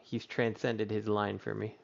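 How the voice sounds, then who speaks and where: A man co-hosting a podcast, answering in a low-key, laconic way. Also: level tone, measured pace, vocal fry. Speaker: podcast co-host. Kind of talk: casual chat. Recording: dull lo-fi mic.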